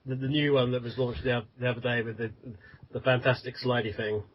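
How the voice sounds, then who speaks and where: A man's voice: mid-range voice, level tone, fast. A man who founded a fan site, chatting hesitantly on a podcast with many restarts and ums. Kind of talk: casual podcast chat. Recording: dull lo-fi audio.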